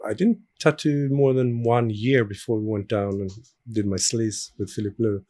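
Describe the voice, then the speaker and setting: A man's voice: fairly low pitch, fairly even intonation, normal speed, dark tone. A man with a Swedish accent, a guest in a casual interview, who talks in an easygoing way and laughs often. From Sweden. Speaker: tattoo artist guest.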